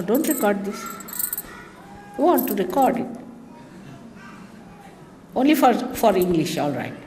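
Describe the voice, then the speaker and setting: An Indian woman speaks as a spiritual teacher to her followers in a large hall. She tells stories in a chatty way and adds wry asides. Her voice sits at an ordinary pitch, with a long hall reverb and faint background noise. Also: darkish tone. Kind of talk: storytelling talk to followers.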